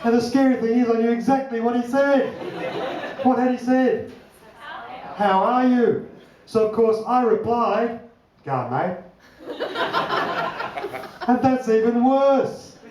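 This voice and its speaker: An older Australian man with a very high-pitched, fairly even voice performs a wry stand-up set full of swearing on a club stage, doing quick voices for other people. It's recorded from a distance, with roomy club sound, audience noise and a noisy background.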